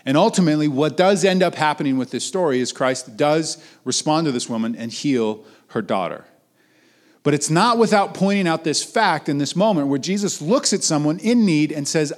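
A young adult man giving a conversational sermon as a pastor, rising to emphatic points and then dropping low and soft. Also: animated, moderate pace. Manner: conversational preaching, swinging between raised emphatic lines and low trailing ones.

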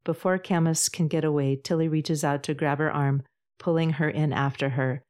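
A woman reading her own story aloud as podcast host, calm and measured. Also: deep voice. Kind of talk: storybook narration.

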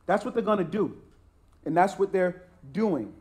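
Preacher guy, pretty high voice, emphatic and repeats himself a lot. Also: animated, normal speed, darkish tone. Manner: emphatic, repetitive preaching with restarts. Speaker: pastor. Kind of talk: sermon.

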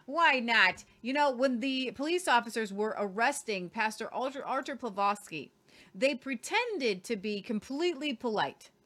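A woman hosts a news commentary show. Her voice sits fairly high. She talks emphatically, with sarcastic, mocking asides. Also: expressive, moderate pace, fairly bright tone.

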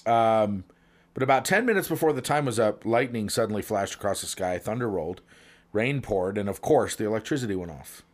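Low-voiced man telling jokes. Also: expressive, a little fast. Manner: playful, jumps pitch for quoted characters. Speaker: podcast co-host telling jokes. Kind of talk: casual joke telling.

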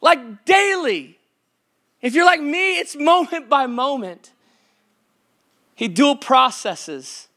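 Bright, high-voiced man preaching. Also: very animated, slow, long pauses. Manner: impassioned preaching, quotes scripture, gives numbered steps. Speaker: pastor. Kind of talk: sermon. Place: church service.

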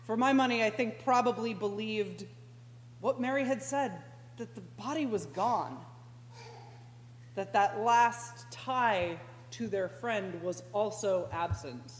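A woman preaching a conversational sermon as a pastoral intern, slow and reflective, with sudden animated outbursts. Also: mid-range voice. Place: church sanctuary. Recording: echoey church hall with faint hum.

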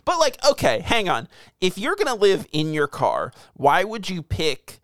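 Man, lively voice, clear and smooth, chatty podcast storytelling, fillers. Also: sits high, unhurried, dry recording. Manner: animated storyteller, laughs often, lots of fillers. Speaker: podcast co-host. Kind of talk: casual chat.

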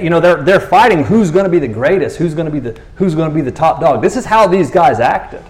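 Fast and with barely a pause, this man delivers a sermon as pastor in an echoey church, his voice sitting fairly high. His storytelling is lively and full of jokes, and he performs the characters' dialogue himself.

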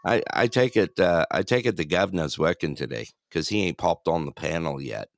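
A man hosting a casual talk show, his voice swinging up and down as he greets callers and laughs. The sound is dry and close, with soft music behind him. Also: low voice, expressive, fairly quick, vocal fry, no room sound. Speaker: host. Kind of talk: casual talk radio chat.

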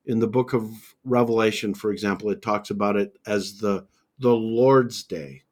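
A man's voice: fairly low pitch, normal speed. A man teaching on a Bible podcast, methodical and conversational, laying out points one by one with scripture references.

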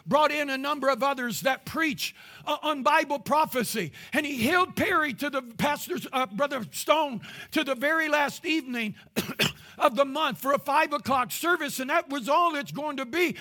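High, bright-voiced preacher man. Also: normal speed. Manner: impassioned preaching, rising to shouts. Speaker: pastor. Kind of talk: sermon.

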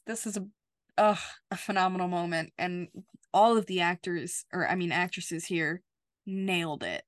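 Low-voiced woman, dry close sound. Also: moderate pace, no echo. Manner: heartfelt and gushing, many "like" and "you know" fillers. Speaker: podcast co-host. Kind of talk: casual TV episode recap chat.

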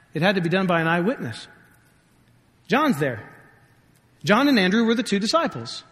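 Preaching as a pastor, this man has a high voice with a fairly bright tone. His sermon is conversational and full of jokes, with scripture quotes acted out, all under long hall reverb.

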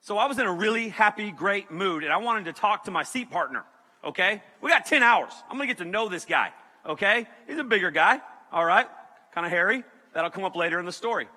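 A man's voice: sits high, a little fast, long reverb tail. A man preaching, telling a funny story and often checking in with "okay?". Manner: animated, keeps checking in with "okay?". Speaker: pastor. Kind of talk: comedic sermon storytelling.

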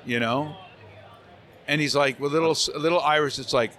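The voice actor here speaks a little high and at normal speed, with slight background noise behind him. Interviewed at a convention center, he tells animated stories and keeps breaking into character voices.

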